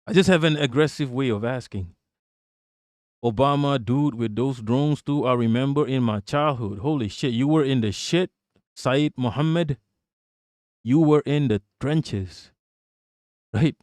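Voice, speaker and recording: A man's voice: medium pitch, a little slow, long pauses, darkish tone, no echo. A man in his thirties doing casual live-stream commentary and reading chat aloud, blunt and profane, often breaking into laughter.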